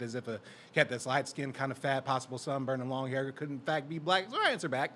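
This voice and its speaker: A man performing spoken word poetry at an indoor open mic, confrontational and profane, dropping to low asides and rising to shouted lines. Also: slight background noise.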